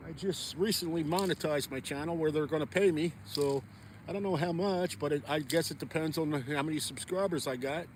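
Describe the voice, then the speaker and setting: A man with a fairly high-pitched voice talks fairly quickly to his viewers, vlogging from a frozen lake with a noisy background. He's a chatty, folksy fishing vlogger keeping things casual.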